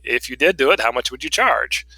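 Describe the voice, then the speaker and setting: Male instructor recording an online lecture; bright, pushing tone, relaxed teacherly banter, dry close sound. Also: mid-range voice, a little fast, dry recording, poor audio. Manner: conversational, frequent "okay" and "um" check-ins; chuckles and jokes lightly with students. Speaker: college writing instructor. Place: in Raleigh, North Carolina.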